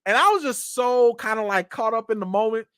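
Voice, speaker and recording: Male stream host, lively, self-mocking storyteller, slangy delivery, dry sound. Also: very high voice, fairly quick, clear, resonant tone, no echo. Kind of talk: casual storytelling.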